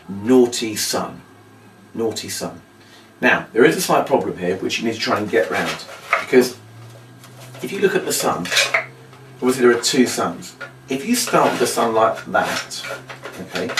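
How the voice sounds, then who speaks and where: A man's voice: medium pitch, noisy background. A man teaching how to perform a magic and puppet trick, explaining each step and acting out the patter with a bigger voice. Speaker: magic and puppet show instructor. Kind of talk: training demonstration. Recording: roomy echo, mic set far off.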